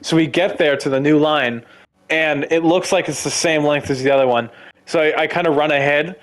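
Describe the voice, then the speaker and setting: A man telling a story in casual gaming chat, animated, swearing and laughing often. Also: a little high, a little fast.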